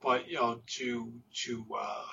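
A man from Brooklyn, co-hosting a podcast and telling stories in an unhurried, reflective way. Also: mid-range voice, fairly even intonation, creaky, bright, forceful tone, husky. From Brooklyn, New York. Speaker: podcast co-host. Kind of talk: casual chat. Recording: dull lo-fi sound with faint noise.

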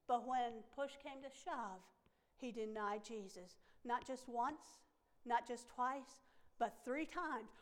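A woman's voice: sits high, slow, fairly bright tone. A woman pastor preaching a sermon, stressing her points by repeating phrases.

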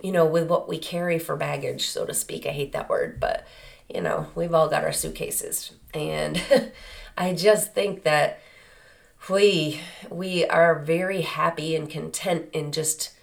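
A woman's voice: low-pitched, fairly even intonation, a little slow, creaky. A woman hosting a solo podcast, talking in an earnest, conversational way with many rhetorical questions. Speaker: podcast host. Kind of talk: reflective solo podcast monologue.

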